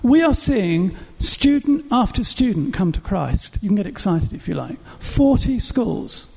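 A man preaches with emphatic storytelling. His voice sits high for a man but sounds mellow and a little husky. A long reverb rings around him in a large hall. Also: sing-song, normal speed. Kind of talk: sermon.

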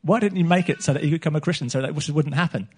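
Speaking very fast in a fairly high, darkish voice with a breathy edge, a middle-aged man preaches at a church meeting. He's earnest and repetitive, frequently restarting what he's saying.

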